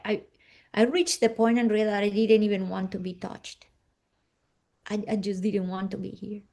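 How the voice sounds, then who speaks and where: Soft-spoken woman telling her story. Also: mid-range voice. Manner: soft, reflective, often drops to a hush. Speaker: interview guest. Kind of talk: personal storytelling in conversation.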